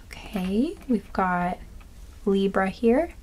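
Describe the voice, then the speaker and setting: A woman doing a slow, soft-spoken pick-a-card reading, listing charms one by one with small asides. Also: mid-range voice, animated. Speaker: tarot card reader.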